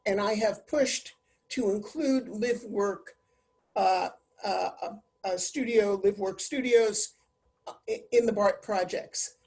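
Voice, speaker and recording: Woman, husky voice, halting with fillers, council candidate on a video call. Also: mid-range voice, a little mellow. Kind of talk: virtual forum answer.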